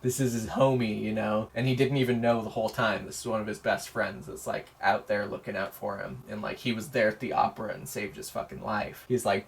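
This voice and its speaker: A man's voice: on the low side, flat delivery, moderate pace, creaky, few pauses. A young man, tipsy from shots, retelling a movie plot in a rambling, profane way, full of fillers. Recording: voice picked up from a distance.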